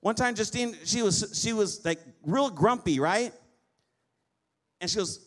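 A male pastor preaching a lively sermon, often asking the congregation for an amen. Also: sits high, fairly quick. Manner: lively preaching with call-and-response amens.

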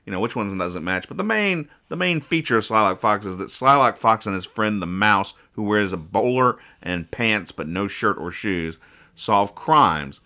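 A man's voice: lowish voice, expressive, normal speed, pushed and bright. A man hosting a podcast, reading comic strips aloud in casual chat and joking in a dry, mock-serious way with many restarts.

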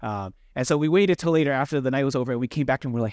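A man's voice: mid-range voice, very fast, few pauses, a little mellow, no room sound. A man giving a sermon in a conversational, self-deprecating way, often acting out what people say. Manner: conversational, self-deprecating, acts out quoted voices. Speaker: pastor.

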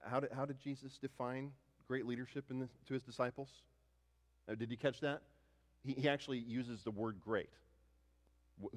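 A man's voice: medium pitch, long reverb tail. A man preaching a sermon in a conversational way, putting questions to his listeners and often restarting his sentences. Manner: conversational, rhetorical questions to the congregation; frequent restarts and repeated words. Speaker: pastor.

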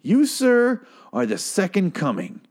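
A man's voice: sits high, huge pitch swings, a little slow, darkish tone, voice pushed up, full character voice. A man voicing a gushing woman voter who gives breathless, adoring thanks.

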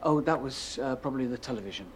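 An actor playing an awkward, polite office worker who talks hesitantly and stammers. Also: male voice, medium pitch, fast talker, a little hiss or hum, lightly acted.

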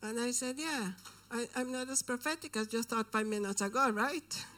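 A woman's voice: on the high side, normal speed, fairly bright tone. A woman preaching and telling a personal story, often dropping into a whisper for emphasis. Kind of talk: sermon storytelling.

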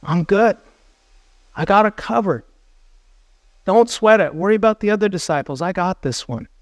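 A man's voice: a little high, normal speed, a little mellow, natural voice. A man voicing an overconfident male disciple who boasts in a breezy, dismissive way. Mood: cocky.

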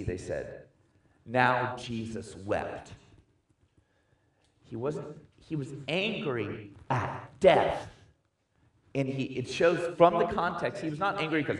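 A man preaching a sermon, emphatic and swinging from quiet reflection to loud declarations, recorded at a distance in a church hall. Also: a little high, animated, takes it slowly. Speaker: pastor. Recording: echoey room, distant mic.

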